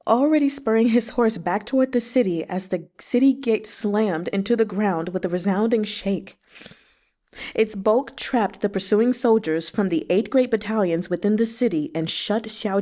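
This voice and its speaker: A woman reading a novel aloud with expressive narration and emotional asides. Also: mid-range voice. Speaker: audiobook reader. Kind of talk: read-along narration with asides.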